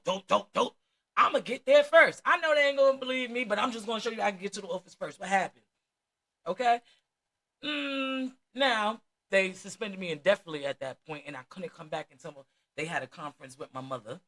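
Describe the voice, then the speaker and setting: A woman's voice: medium pitch, a bit bright. A woman with a New Jersey accent telling her life story candidly, in blunt street slang with plenty of swearing.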